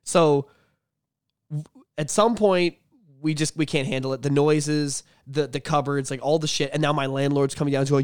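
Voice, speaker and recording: A young man tells a story on a podcast in a casual, animated way. He swears often and rambles with lots of fillers. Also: fairly high pitch, normal speed, clean tone, dry recording, clean studio sound. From Canada. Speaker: podcast host.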